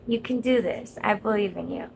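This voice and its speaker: A woman's voice: medium pitch, brisk, vocal fry, loud music behind the voice, poor audio. A woman content creator giving an earnest, encouraging motivational monologue straight to her viewers.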